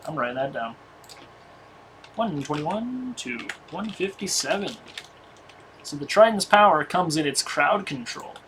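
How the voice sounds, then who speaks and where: A man's voice: a little high, expressive, measured pace, long pauses, fairly bright tone, a little hiss or hum, low-quality recording. A man streaming a game, testing a weapon and muttering damage numbers in casual commentary from a home setup.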